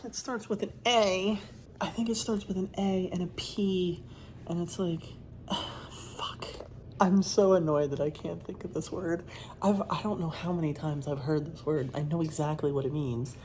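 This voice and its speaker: A woman's voice: fairly low pitch, fairly even intonation, normal speed, a little mellow, a little hiss or hum. A woman streaming from home, chatting in a loose, rambling way, swearing often and trailing off mid-thought. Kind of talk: casual rambling chat.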